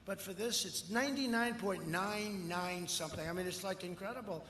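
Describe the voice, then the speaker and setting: A man's voice: high voice, moderate pace. Older man giving a rambling rally speech. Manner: rambling, boastful, swings between shouting and muttering asides. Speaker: political speaker at a rally. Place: outdoor rally. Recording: echoey outdoor rally with long reverb and faint crowd noise.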